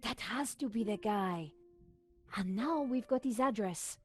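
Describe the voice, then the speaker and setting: A dry, confident journalist. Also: female voice, fairly high pitch, animated, measured pace, darkish tone, breathy edge. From France.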